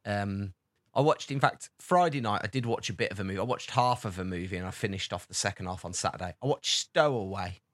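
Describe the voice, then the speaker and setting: A man's voice: fairly low pitch, brisk, no echo, studio quality. A man, co-hosting a casual podcast chat with teasing banter. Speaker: podcast co-host.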